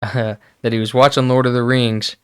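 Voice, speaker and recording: A man as a podcast guest, telling a story in a relaxed, amused way during a casual chat. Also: mid-range voice, normal speed, clear, resonant tone, no room sound, studio quality.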